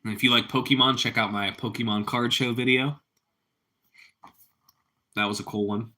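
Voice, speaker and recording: A man hosting a relaxed live stream, talking in a loose, rambling way to his audience. His voice has a bright, forward edge at an ordinary pitch. He drifts easily from one small remark to the next. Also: moderate pace. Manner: relaxed, rambling, chats with viewers and his cat. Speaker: livestream host. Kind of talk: casual live-stream chat.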